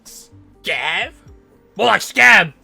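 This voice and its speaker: Vix, a man voicing a shouting goblin boss. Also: extremely high pitch, slow, creaky, faint music behind, pitched above the performer's own voice, exaggerated voice. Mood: taunting, boastful. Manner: shouting, taunting, excitable. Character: brash loud goblin boss, male adult.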